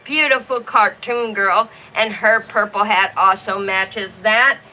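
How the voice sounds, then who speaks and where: A woman hosting a casual livestream, chatting warmly and reading out viewer comments. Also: medium pitch, fairly even intonation, takes it slowly, slight background noise. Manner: chatty, warm, reads viewer comments aloud. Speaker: livestream host.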